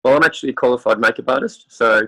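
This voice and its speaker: Racing along in a gravelly, mid-range voice with a fairly bright tone, this podcast guest, a football-mad Australian, spins chatty, rambling stories packed with fillers and restarts. He has a cold and clears his throat, and the recording quality is low.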